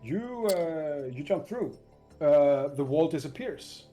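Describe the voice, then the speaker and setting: A man's voice: fairly high pitch, lively intonation, slow, mellow, soft background music. A man running a tabletop game as game master, narrating with frequent hesitations and restarts. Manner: hesitant, many fillers and restarts.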